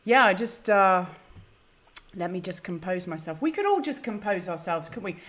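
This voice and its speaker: A woman's voice: fairly low pitch, expressive, normal speed, fairly bright tone. A woman hosting a live stream, chatty, flustered and self-deprecating. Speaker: host. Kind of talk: casual live-stream chat.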